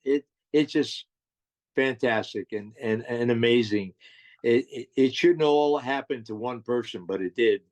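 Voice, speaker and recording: An older man from New Jersey talks about his life as a guest on an interview show. His voice sits at an ordinary pitch, and he speaks with eager enthusiasm. He trips over his words and restarts his sentences as he goes. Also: a little slow, a little mellow, highs cut off. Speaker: guest musician. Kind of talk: casual interview storytelling.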